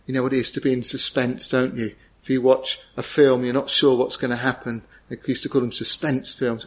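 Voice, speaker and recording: A man's voice: medium pitch, fairly even intonation, normal speed. A middle-aged man preaching a sermon, earnest and tender, rising to emphatic peaks.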